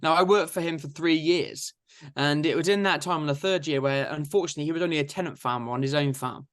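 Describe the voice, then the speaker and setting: A young man, telling his story in a lively, chatty interview. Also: fairly high pitch, quick pace. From England. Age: 20s. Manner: chatty, energetic anecdotes with frequent "so therefore". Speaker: guest farmer.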